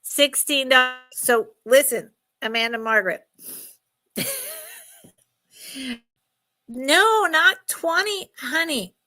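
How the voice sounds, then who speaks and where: A woman's voice: high voice, animated, drawn-out words, pauses often, bright, forceful tone. A middle-aged woman hosting a casual live jewelry sale, chatty and emotional, often laughing. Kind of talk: casual live stream selling.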